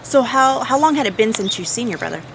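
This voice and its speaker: A woman interviewing, asking short, gentle questions. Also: on the high side, expressive, quick pace, slight background noise, rough recording.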